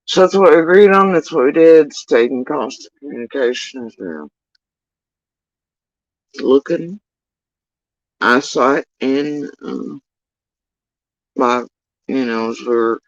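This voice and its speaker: A man telling an emotional personal account, halting and swearing often as he recounts what happened. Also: medium pitch, expressive, no room sound, highs cut off. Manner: profane, halting, emotional retelling. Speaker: witness recounting events.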